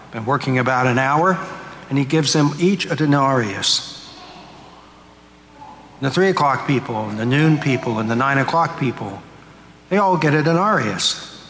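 A man's voice: mid-range voice, fairly bright tone, slight background noise. A male pastor preaching a homily, retelling a parable in a storytelling way and acting out its speakers. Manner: storytelling, acts out quotes. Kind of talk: sermon. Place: church. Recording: echoey church hall, faint ambience.

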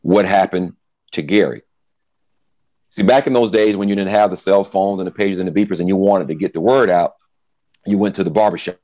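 A man's voice: low voice, brisk, pauses often, no echo, dull audio. A middle-aged man, a former football player, tells his story in an interview and acts out the voices of the people in it. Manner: animated storyteller, acts out quotes.

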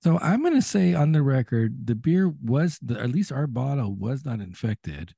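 A man's voice: medium pitch, very animated, gravelly, mellow, breathy edge, dry recording, studio quality. A man co-hosting a casual beer podcast, chatting and restarting his sentences as he goes. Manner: chatty, talks in quick restarts. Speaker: podcast co-host. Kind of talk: casual chat.

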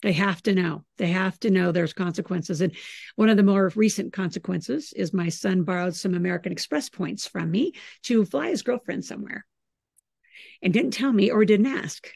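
Animated middle-aged woman with gravelly voice. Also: mid-range voice, normal speed, no echo, clean studio sound. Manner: animated storyteller, acts out her kids' lines. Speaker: podcast host. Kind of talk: casual chat.

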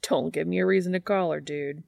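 A woman's voice: fairly low pitch, fairly even intonation, fairly quick, creaky, darkish tone, dry recording, studio quality. A woman voicing a guarded young man who chokes up, then turns to teasing his brother.

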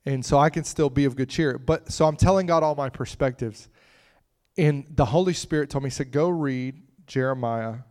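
A man's voice: mid-range voice, normal speed, darkish tone. A man preaching a conversational sermon, chatting with the congregation and breaking into fits of laughter.

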